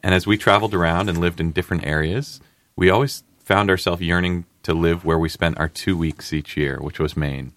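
A man from Massachusetts, a business owner, answering interview questions in a polite, measured, articulate way. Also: low voice, fairly even intonation, a bit bright, no echo.

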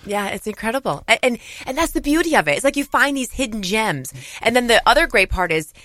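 Middle-aged woman TV journalist, bright forceful tone, fast eager storytelling. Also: fairly high pitch, big pitch swings, dry recording, studio quality. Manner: enthusiastic, quick storyteller. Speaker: television journalist and show host. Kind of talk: casual interview chat.

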